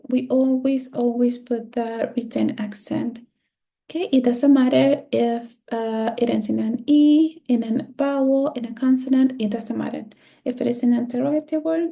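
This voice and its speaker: Woman, language teacher, fairly high voice, gravelly fry, pauses and fillers. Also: warm tone. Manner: slow and careful, with many pauses and fillers. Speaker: Spanish teacher. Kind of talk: explaining a grammar lesson.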